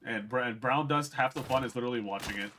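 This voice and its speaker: A man's voice: mid-range voice, fast, bright, forceful tone, a little hiss or hum. A young man streaming a video game, chatting bluntly and with swearing to his viewers as he plays. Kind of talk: casual gameplay commentary.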